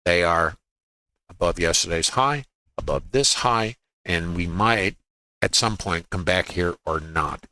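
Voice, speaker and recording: Brooklyn-accented male trading teacher, bright and forceful, folksy, quippy, rhetorical. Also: sits low, unhurried, no echo. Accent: New York, Brooklyn. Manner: folksy, quips and rhetorical questions. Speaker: trading educator. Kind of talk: livestream market lesson. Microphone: laptop.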